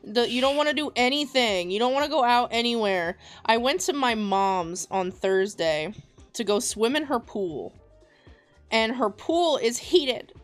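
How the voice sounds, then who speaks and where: A woman's voice: on the high side, lively intonation, unhurried, soft background music. A woman hosting a livestream, chatting casually in a rambling, joking, slangy way. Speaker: livestream host and artist.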